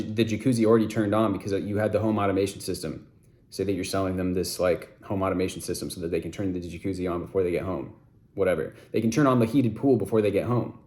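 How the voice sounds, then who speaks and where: A young man giving an energetic, enthusiastic motivational talk as a self-help coach, repeating phrases as he builds momentum. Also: medium pitch.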